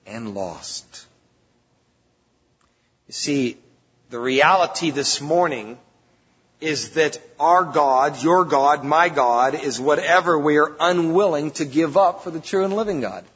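Pastor guy preaching, kinda husky, lo-fi recording with big church echo. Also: on the high side, slow pace, pauses often, a bit bright. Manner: emphatic, conversational preaching with sudden rises. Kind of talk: sermon. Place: church sanctuary. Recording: dull lo-fi church recording with long reverb.

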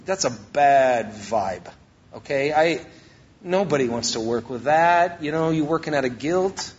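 A man's voice: medium pitch, animated, unhurried, muffled recording. A male pastor preaching a sermon, emphatic and repeating his key phrases.

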